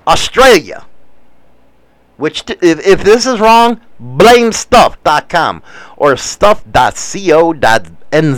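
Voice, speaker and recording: Male host, rambling and crude, with a lively, swinging pitch and a smooth, clear tone. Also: no room sound. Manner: rambling, profane, wisecracking. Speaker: show host reading the news. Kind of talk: casual live show chat.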